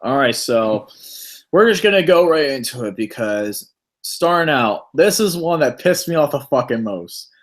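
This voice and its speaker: Man, podcast host, casual chat, reads articles aloud, blunt, swears a lot, mid-pitched voice. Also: animated, normal speed. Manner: blunt, swears freely, annoyed at the lists he reads.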